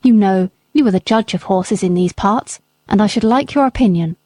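An easygoing military gentleman chats casually about his horses, read by a woman narrator. Her voice stays mellow, and the audiobook recording is dry and close. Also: mid-range voice, moderate pace, breathy edge, no room sound, natural voice. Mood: offhand. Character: breezy military captain, adult gentleman. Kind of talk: audiobook character reading.

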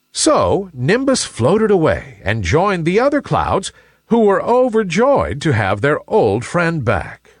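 Slow, very expressive male storyteller. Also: a little high, husky, no echo, clean studio sound. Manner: expressive, unhurried. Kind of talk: children's story reading.

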